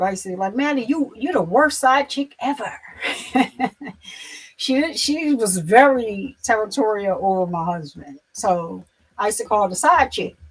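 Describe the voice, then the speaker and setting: A woman chatting casually on a livestream, rambling with many fillers and restarts, turning soft and emotional as she speaks of loss. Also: medium pitch, rough recording. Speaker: livestream host.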